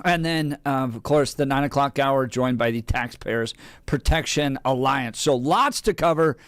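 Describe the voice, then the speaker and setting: A man's voice: mid-range voice, normal speed, a bit bright, dry recording. A man hosting a talk radio show, recapping the day's segments and bantering casually with his co-host into a studio microphone.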